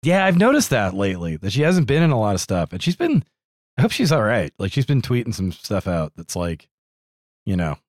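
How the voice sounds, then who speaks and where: A man co-hosting a wrestling podcast, talking in a loose, jokey way that wanders off on tangents. His pitch swings widely as he talks. The sound is dry and close, with no room around it. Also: brisk, dry recording. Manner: animated, jokey, digressive. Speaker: podcast co-host. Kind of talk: casual wrestling podcast chat.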